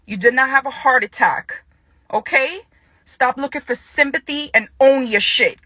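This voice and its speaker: A young woman speaks with a bright, tense edge and a fairly high voice, heard close and dry. She confronts her ex head-on in a furious public statement, hammering her points by repeating them. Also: normal speed, no room sound. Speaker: woman addressing her ex-partner in a public video.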